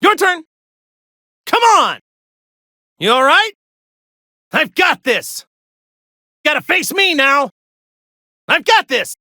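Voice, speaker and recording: A woman voicing a heroic young male martial-arts warrior in fighting game clips, with shouted battle cries and a cheerful, cocky manner. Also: sits high, very animated, slow, pauses often, no room sound, clean studio sound, heavily acted. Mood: upbeat eager. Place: studio. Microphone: close studio mic.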